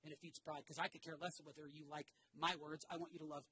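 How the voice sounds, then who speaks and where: Speaking quickly in a slightly high voice, a pastor in a church sanctuary animatedly tells his congregation a story, shouting asides and leading them to repeat phrases back. The recording is low quality with a little hiss or hum.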